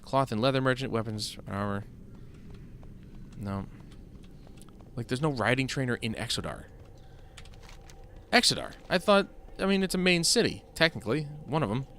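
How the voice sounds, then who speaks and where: Speaking at a moderate pace with long pauses, a man with a medium pitch and fairly bright tone sounds animated; there's slight background noise. He offers rambling, chatty let's-play commentary that mocks himself, his keystrokes caught by a desk mic as game music plays.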